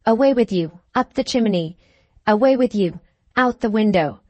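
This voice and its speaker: A woman's voice: medium pitch, slow pace, no room sound. A woman voicing a raving, drunken old woman who shrieks in frenzied delirium. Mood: shrieking.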